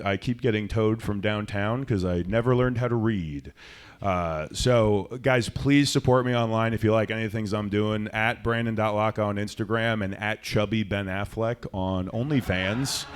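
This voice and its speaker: Young guy doing standup, smooth clear voice, rambly and self-deprecating, loud then mumbly. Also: fairly low pitch. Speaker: stand-up comedian. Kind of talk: stand-up comedy set. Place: comedy club stage.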